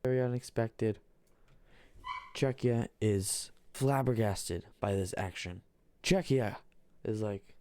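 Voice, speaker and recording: A man's voice: lowish voice, dark tone, a little hiss or hum. A man casually narrating an alternate history on a map, repeating himself and restarting sentences. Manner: repetitive, restarts, halting.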